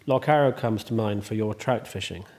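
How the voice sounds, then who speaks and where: A man's voice: on the low side, normal speed, darkish tone. A man, the host, talking casually in an interview, rambling and chatty with many ums and restarts. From Ireland. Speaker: host and estate owner.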